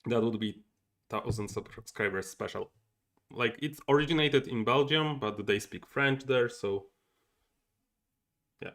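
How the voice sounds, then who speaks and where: A man's voice: medium pitch, measured pace, long pauses, a bit bright. A young man thinking aloud while he plays a board game on a livestream and chats with viewers. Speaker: game streamer. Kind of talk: casual livestream commentary.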